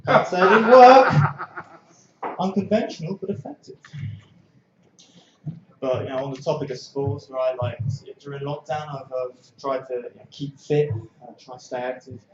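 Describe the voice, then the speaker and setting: A man performing a stand-up comedy set on an open stage, talking casually and breaking into shouted bursts when he acts out scenes. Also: medium pitch, moderate pace, echoey room, muffled recording, a little hiss or hum. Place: small comedy club stage.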